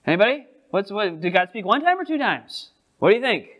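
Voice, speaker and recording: A man teaches scripture to a small group in a casual, questioning way. He often breaks off and restarts his sentences. His voice sits a little high for a man. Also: big pitch swings, dull audio. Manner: conversational, asks the group questions; halting restarts, many repeated words. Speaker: pastor. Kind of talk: Bible study teaching.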